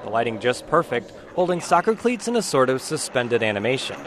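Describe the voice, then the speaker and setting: A man with a mid-pitched voice narrates a radio news feature. He reads steadily and describes each scene plainly. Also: big pitch swings, fairly quick, a little hiss or hum. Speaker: reporter. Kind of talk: scripted news report.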